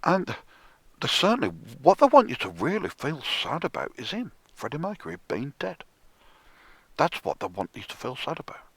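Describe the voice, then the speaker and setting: A man's voice: fairly high pitch, wildly swooping pitch, normal speed, husky, no room sound. A man delivering a sardonic, profane ranting monologue, often dropping into a whisper. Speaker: music commentator.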